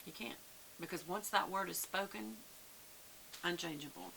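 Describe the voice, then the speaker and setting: Gravelly-voiced woman teaching Bible study. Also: fairly low pitch, normal speed, bright, forceful tone, poor audio. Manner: conversational, muses aloud, many fillers. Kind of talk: casual Bible study talk. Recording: faint hiss.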